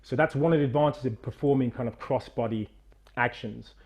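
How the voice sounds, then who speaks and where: A middle-aged man coaching a movement demonstration over a video call, animated and encouraging, straining on repeated counts. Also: mid-range voice, brisk, highs cut off. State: out of breath after exercise. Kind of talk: energetic guided demonstration.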